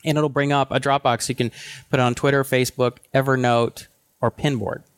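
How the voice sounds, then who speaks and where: A man co-hosting a casual tech podcast, thinking aloud in a loose, halting way with frequent restarts. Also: medium pitch, little pitch movement, clean tone, no echo. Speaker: podcast co-host.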